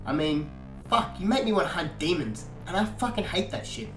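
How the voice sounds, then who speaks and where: A man's voice: fairly high pitch, animated, normal speed, voice pushed up, lightly acted. A man voicing a cocky, sarcastic male biker vampire hunter in a mocking, taunting manner. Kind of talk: audiobook character reading. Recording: echoey room, faint guitar music.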